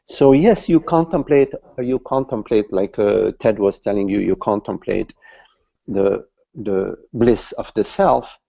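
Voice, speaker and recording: Speaking haltingly and slowly, a man giving a satsang as a spiritual teacher repeats words in search of what to say, heard through dull online call audio. His voice sits on the low side, creaky and mellow with a breathy edge.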